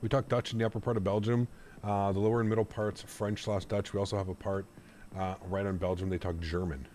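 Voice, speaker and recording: A man's voice: on the low side, fairly even intonation, brisk, darkish tone, slight background noise. A young man streaming a flight sim, chatting casually with his viewers, joking and playing with how place names are pronounced. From Canada. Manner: chatty, joking, plays with pronunciations. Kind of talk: casual live-stream chat.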